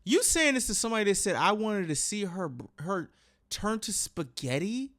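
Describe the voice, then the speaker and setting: A man hosting a reaction video, talking casually and reacting out loud, agitated and swearing often. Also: high voice, big pitch swings, moderate pace.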